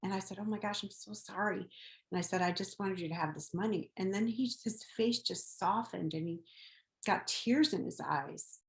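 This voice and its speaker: Woman on her spiritual podcast, earnest and gentle, lowish voice, bit of room echo. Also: moderate pace. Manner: earnest, gentle storytelling about faith. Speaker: podcast host.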